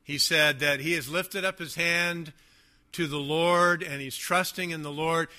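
A man preaching a sermon, emphatic and repetitive, often dropping to quiet asides. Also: a little high, steady tone, unhurried. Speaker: pastor.

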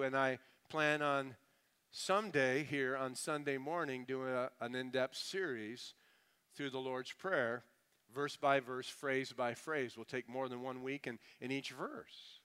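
A man's voice: medium pitch, bright, forceful tone, clear, resonant tone. A man preaching a sermon in a conversational, humorous way, mocking pompous prayer voices before turning earnest. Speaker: pastor.

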